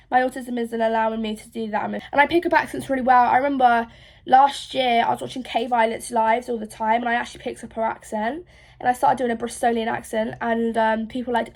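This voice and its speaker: A woman's voice: fairly high pitch, little pitch movement, a little fast, creaky. A young woman from England, chatting frankly in a rambling, casual way and swearing often. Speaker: social media creator. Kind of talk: casual confessional chat.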